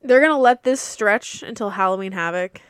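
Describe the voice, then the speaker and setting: A woman's voice: mid-range voice, moderate pace, smooth, no echo. A woman in casual podcast chat, with a mid-range voice. Her remarks come out dry and wry. The recording is close and dry. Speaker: podcast co-host.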